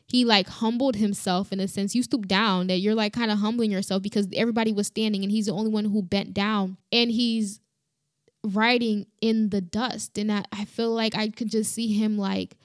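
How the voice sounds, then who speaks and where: A woman sharing a personal Bible reflection, earnest and halting, often restarting and growing emotional. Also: mid-range voice, steady tone, no room sound, studio quality. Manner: earnest, halting, many restarts and "you know".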